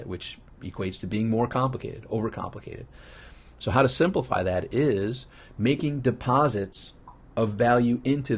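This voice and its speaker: A man's voice: on the low side, slightly rough. A middle-aged man giving a live business training, telling stories in a casual, rambling way full of restarts. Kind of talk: live online training talk with anecdotes.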